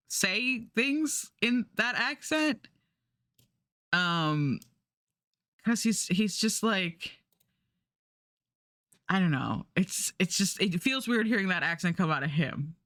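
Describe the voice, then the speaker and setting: Bright, chatty streamer woman. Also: medium pitch, no room sound, studio quality. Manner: rambling, many fillers and restarts. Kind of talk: casual livestream chat.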